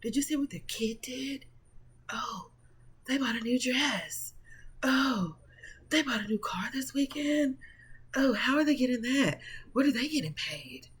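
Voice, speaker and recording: A man putting on the voice of a nosy, jealous coworker who gossips in a hushed, prying whisper. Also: extremely high pitch, lively intonation, a little slow, long pauses, husky, voice pushed up, full character voice.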